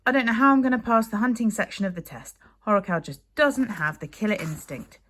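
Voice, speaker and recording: A woman's voice: mid-range voice, expressive, a little fast, fairly bright tone, a little hiss or hum, pitched above the performer's own voice, natural voice. A woman doing a gloomy, drawling Viking boy. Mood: despairing. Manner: drawling, despairing. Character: young Viking boy, gloomy and gossipy friend.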